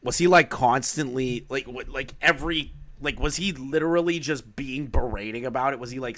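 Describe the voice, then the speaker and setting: A man's voice: medium pitch, moderate pace, few pauses, a bit bright. A man reading aloud from a document and commenting on it in a casual, profane, sarcastic way. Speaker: drama commentary YouTuber.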